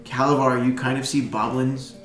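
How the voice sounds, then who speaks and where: A man narrating as game master, animated and laughing often. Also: medium pitch, moderate pace, echoey room, over music.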